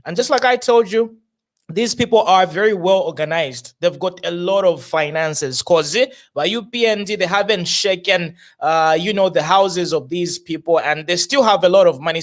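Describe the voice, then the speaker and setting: Man hosting a political panel. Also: high voice. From Zambia. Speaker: show host.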